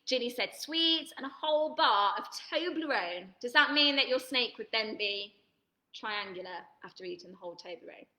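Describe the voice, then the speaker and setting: Bright cheerful woman leading a kids' workshop. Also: fairly high pitch, expressive, moderate pace, echoey room. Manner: cheerful, laughs and gasps often. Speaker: drama workshop leader. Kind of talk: online children's workshop, reading out viewers' comments.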